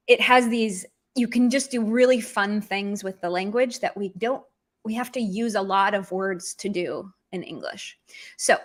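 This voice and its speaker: A female language teacher gives an online lesson in a slightly high, a bit bright voice. She explains things chattily and informally, slipping into sarcastic tones to act out her examples.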